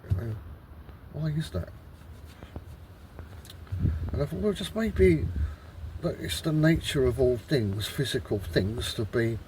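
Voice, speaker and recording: A man rants to the camera from a wood, his voice sitting at an ordinary middle pitch. He talks in halting, stop-start phrases, swearing heavily and circling back in exasperation. A faint outdoor hiss sits under him. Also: animated, darkish tone. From Britain. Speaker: vlogger. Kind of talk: rambling outdoor monologue. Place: woodland outdoors.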